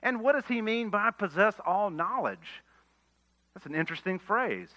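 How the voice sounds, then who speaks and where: A man preaching an expository sermon, earnest, rising to emphatic lines and dropping to quiet asides. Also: high voice, expressive, normal speed. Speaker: pastor. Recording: dull lo-fi sermon recording.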